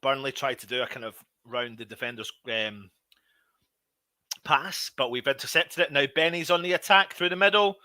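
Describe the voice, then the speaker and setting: A man hosting a live fan watch-along, commentating on the match, shouting at big moments and grumbling at his own players. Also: medium pitch, moderate pace, no room sound. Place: at home.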